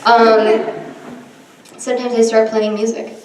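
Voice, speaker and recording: A young woman doing a chatty, self-deprecating stand-up routine, her pitch sitting a little high. She is picked up from a distance in an echoey hall, with a faint hiss of room noise behind her. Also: flat delivery, a little slow. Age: young adult. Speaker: stand-up comedian. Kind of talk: stand-up set. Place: large hall with a live audience. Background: audience laughter and room noise.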